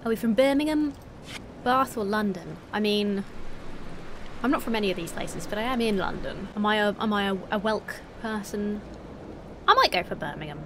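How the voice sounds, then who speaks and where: A woman's voice: medium pitch, expressive, moderate pace, noisy background. A young woman casually commenting on a game she plays, wry and sweary, reading the game text aloud and trying on accents. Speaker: streamer playing a game. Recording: game music behind.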